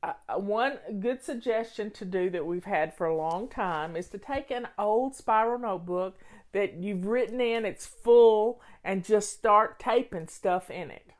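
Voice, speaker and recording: A woman's voice: medium pitch, a little slow. An older woman from Tennessee with a Southern accent, a home organizing host chatting casually and telling stories in a folksy way. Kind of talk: casual chat.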